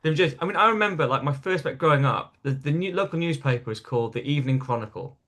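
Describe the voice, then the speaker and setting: Animated Geordie comic, slightly high voice. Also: male voice, fast talker. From North East England. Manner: animated storyteller, laughs at his own stories. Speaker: comedian guest. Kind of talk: casual chat.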